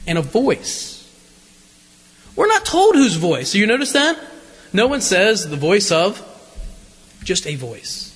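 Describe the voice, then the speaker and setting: A man's voice: high voice, wildly swooping pitch, slow, long pauses, fairly bright tone. A man preaching a conversational sermon in a church, joking with the congregation and asking them questions. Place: church sanctuary. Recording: long church reverb.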